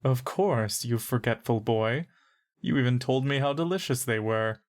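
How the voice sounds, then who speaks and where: A woman's voice: rumbling low, moderate pace, a little mellow. Woman putting on a creepy sweet-talking man, cooing but mean underneath. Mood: falsely sweet. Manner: sweetly cooing with a cruel edge. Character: menacing man, falsely cooing, cruel.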